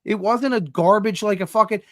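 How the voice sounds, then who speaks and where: A man's voice: sits high, brisk, fairly bright tone, no echo, clean studio sound. A man co-hosting a podcast over a video call, arguing his points emphatically and swearing often. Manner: profane, emphatic, argumentative. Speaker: podcast co-host. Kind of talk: heated casual sports chat.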